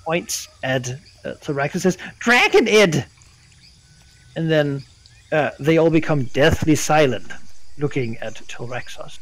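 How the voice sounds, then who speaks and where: A man narrating a tabletop game as its game master, in a fairly high, easygoing voice. He talks casually and hesitantly, filling pauses with ums and uhs. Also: dry recording, rough recording. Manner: casual, hesitant with many fillers.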